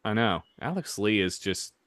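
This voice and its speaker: A man co-hosting a podcast in casual chat, animated and often restarting his sentences. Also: on the low side, moderate pace, no room sound. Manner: animated, self-interrupting. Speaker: podcast co-host.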